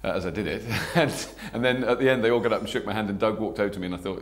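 A man with a low voice tells anecdotes quickly and chattily. He pokes fun at himself and talks in an easy interview style. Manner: chatty, self-mocking, laughs while telling stories. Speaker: actor being interviewed.

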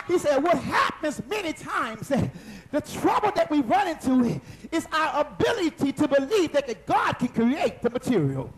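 A man preaching a sermon at a church service, lively and in call-and-response with the congregation, rising into shouts at the high points. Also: moderate pace, few pauses, a little hiss or hum, low-quality recording.

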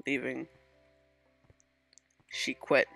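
A man's voice: medium pitch, very slow, creaky, no echo, faint music behind. A man giving casual gameplay commentary, talking to himself and bursting into startled outbursts. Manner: excitable self-talk with sudden startled outbursts. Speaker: gaming channel host.

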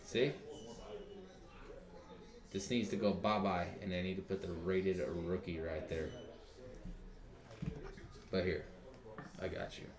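A man's voice: sits low, fairly even intonation, slow pace, pauses often. A man hosting a live card break, rattling off card names and joking with others. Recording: echoey room with crowd noise.

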